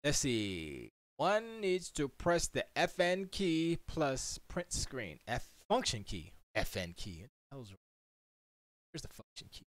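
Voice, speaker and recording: A man's voice: mid-range voice, wildly swooping pitch, slow. A young man chatting casually on a livestream from his home studio, rambling and muttering to himself as he works on his computer. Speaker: livestream host.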